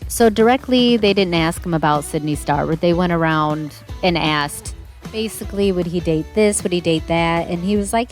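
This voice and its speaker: A woman's voice: fairly low pitch, moderate pace. Woman, casual commentary, rambling, chatty, hedging asides, faint music behind. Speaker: show reviewer.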